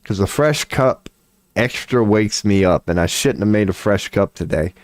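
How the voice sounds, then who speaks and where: A man in his forties talks loosely on a livestream, swearing freely and laughing as he rambles. His voice sits on the low side. The sound is dry, with no room echo. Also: animated, normal speed. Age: 40s. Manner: rambling, profane, laughs often. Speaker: streamer. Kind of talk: casual livestream chat.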